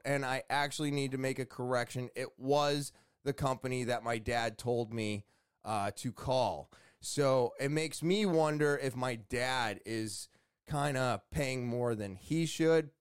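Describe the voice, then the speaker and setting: A man casually telling a story to his viewers about hiring tree removal companies, animated and acting out the conversations he had. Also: medium pitch, clear, resonant tone, no echo, studio quality. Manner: chatty, animated retelling with quoted dialogue. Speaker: homeowner vlogger.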